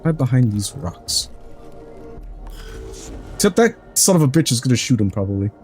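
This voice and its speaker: A man streaming a video game in casual chat, excitable, swearing freely and laughing often while he yells at the game. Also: medium pitch, moderate pace, soft background music.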